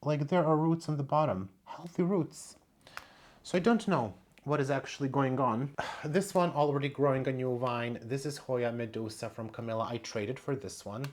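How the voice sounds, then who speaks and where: Mid-pitched plant vlogger rambling casually at home, thinking out loud. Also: moderate pace. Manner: chatty, meandering, thinking aloud. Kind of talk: casual show-and-tell vlog.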